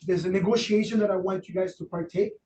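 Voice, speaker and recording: A man running a real estate training workshop, loose and animated, acting out quotes with plenty of fillers. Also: high-pitched, quick pace. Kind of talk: workshop talk. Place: training room. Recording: roomy, distant, faint noise.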